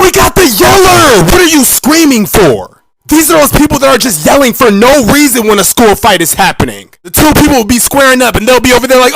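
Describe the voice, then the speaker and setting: A young man doing a comedic ranking monologue, loud and slangy, with exaggerated and animated delivery. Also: extremely high pitch, background noise. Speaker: comedy sketch creator.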